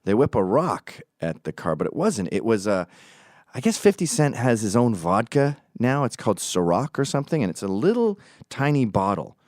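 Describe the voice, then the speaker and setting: A man's voice: medium pitch, big pitch swings, moderate pace, darkish tone, no echo, studio quality. A man hosting a podcast, telling a story in a mocking, profane way and acting out the quotes. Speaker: podcast host. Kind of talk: casual storytelling monologue.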